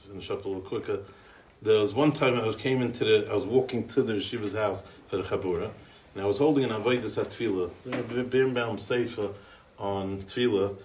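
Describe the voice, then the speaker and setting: A man's voice: on the low side, a little mellow. An American man giving a eulogy as a chatty string of anecdotes, in English full of Yiddish and Hebrew yeshiva terms. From United States. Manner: chatty, rambling, with restarts and chuckles. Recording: roomy, distant mic.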